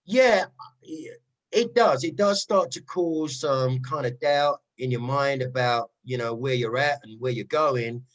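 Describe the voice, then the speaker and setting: A middle-aged man with a Cockney accent, a rave MC guest telling stories in a casual interview, animated and often checking in with "right?". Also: mid-range voice, unhurried, low-quality recording. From East London. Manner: animated storyteller, frequent "right?" asides.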